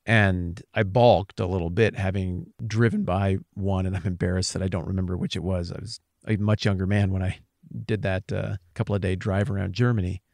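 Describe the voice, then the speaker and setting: Gravelly low-voiced earnest man. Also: level tone, brisk, a little mellow, dry recording. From Wyoming, USA. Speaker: podcast co-host. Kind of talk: casual conversation.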